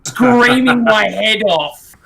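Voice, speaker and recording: A man co-hosting a podcast, telling a story in quick, animated bursts. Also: high voice, vocal fry. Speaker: podcast co-host. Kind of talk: casual podcast chat.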